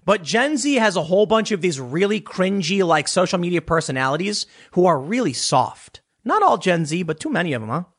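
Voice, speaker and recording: A man's voice: high voice, sing-song, fairly quick, few pauses, slightly rough. A man ranting as a political commentator, sarcastic, dismissive and blunt. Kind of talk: casual opinion rant.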